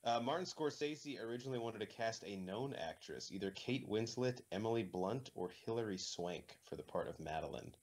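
A man's voice: lowish voice, brisk, hardly any pauses. A man hosting a casual movie commentary, joking and offhand, with lots of fillers.

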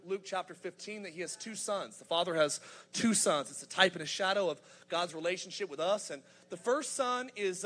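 A man in his thirties preaching a sermon as pastor, energetic and humorous, building to emphatic points. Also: high-pitched. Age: 30s.

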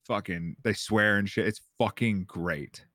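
A man's voice: lowish voice, unhurried, sharp tone, dry recording, studio quality. A young man co-hosting a podcast in blunt, profane casual chat. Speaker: podcast co-host.

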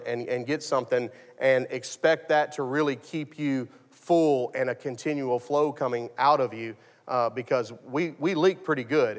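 Male pastor, mid-range voice, chatty sermon delivery full of restarts, recorded with long church hall reverb. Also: medium pitch. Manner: conversational preaching with frequent restarts and fillers. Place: church sanctuary.

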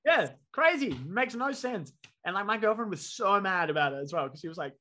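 A man, a comedian guest on a podcast, telling an animated story and acting out the voices of the people in it. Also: high-pitched, a little fast. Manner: animated, acts out quoted voices.

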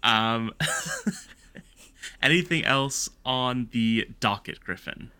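A man's voice: mid-range voice, huge pitch swings, extremely slow, pushed and bright, smooth. A man co-hosting a podcast, chatting casually and laughing easily. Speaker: podcast co-host. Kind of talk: casual chat.

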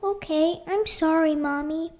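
A woman's voice: very high-pitched, unhurried, darkish tone, pitched above the performer's own voice. A woman voicing a whiny little girl who pleads and apologizes to her mother. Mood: pleading.

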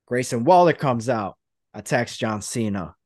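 A man's voice: medium pitch, lively intonation, unhurried, a little mellow, no room sound, clean studio sound. A man hosting a podcast, rambling through a play-by-play retelling in casual chat. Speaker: podcast host.

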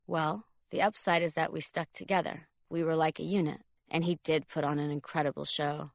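Low, dry-voiced woman reading a memoir. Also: level tone, brisk, gravelly, few pauses, no echo. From Italy. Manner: dry, wry first-person storytelling. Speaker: memoir reader. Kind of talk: audiobook narration.

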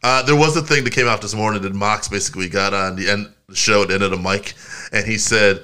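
A man co-hosting a relaxed wrestling podcast, his voice bright and forward. He talks with animated energy, laughing often. He slips into playful voices when retelling stories. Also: on the low side, fast talker. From Puerto Rican background. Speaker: podcast co-host. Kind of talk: casual wrestling chat.

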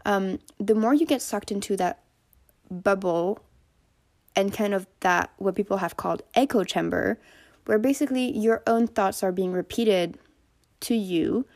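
A young woman hosting a solo podcast, chatting casually with lots of fillers and animated quoting of others. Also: mid-range voice, measured pace. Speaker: podcast host.

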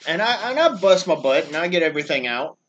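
A man's voice: a little high, big pitch swings, fast, a bit bright, dull audio, a little hiss or hum. A young man, co-hosting a podcast and telling a long, rambling work story with wrestling slang. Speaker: podcast co-host. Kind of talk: casual storytelling chat.

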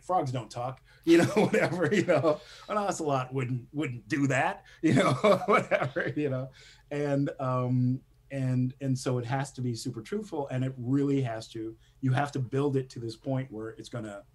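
Male guest writer, conversational and animated, husky voice, mid pitch, acts out anecdotes. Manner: animated storyteller, acts out quotes, laughs often. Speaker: guest screenwriter. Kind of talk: casual interview chat.

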